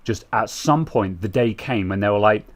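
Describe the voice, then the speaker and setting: Young british guy rambling on, lowish voice, lots of ums and restarts. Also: normal speed. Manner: rambling, relaxed, many fillers and restarts. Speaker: co-host. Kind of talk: casual chat.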